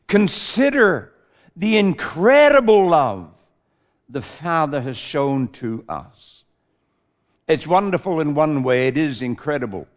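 A man with an or lilt preaches in a sermon, his voice a touch high for a man. He takes his time, swelling on the words he wants to stress and then sinking to a hush at the end of a phrase. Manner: emphatic, swelling on key words then dropping low.

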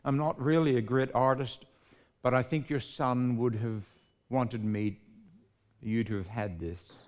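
A man voicing a humble, grateful young soldier, speaking slowly and softly. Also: mid-range voice, fairly even intonation, lightly acted.

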